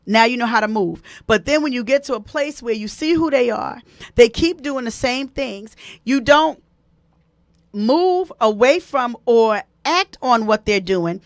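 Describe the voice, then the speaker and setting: Animated, preachy woman. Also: a little high, dry recording, clean studio sound. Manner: animated, preachy, repeats key lines for emphasis. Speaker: host. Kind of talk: live-stream commentary and advice talk.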